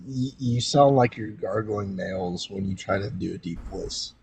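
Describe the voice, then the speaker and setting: A man's voice: on the low side, measured pace, creaky. A man calling into a livestream chat, teasing and matter-of-fact. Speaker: caller. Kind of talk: casual livestream debate chat. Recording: distant mic with faint background noise.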